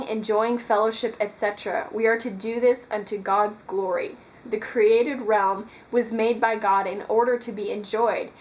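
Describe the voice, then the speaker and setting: A woman's voice: medium pitch, rough recording. A woman talking earnestly to her camera in a casual devotional vlog, rambling with many fillers. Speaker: Christian vlogger. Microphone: camera mic.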